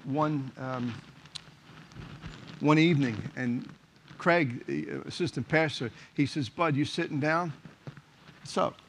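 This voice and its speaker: Animated, high-voiced pastor telling stories. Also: male voice, slight background noise. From United States. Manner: animated storyteller, acts out quoted dialogue. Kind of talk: sermon storytelling.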